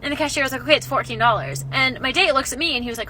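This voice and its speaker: A young woman telling a story about a bad date in a casual, animated and exasperated way. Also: fairly high pitch, racing, few pauses, a little hiss or hum, rough recording.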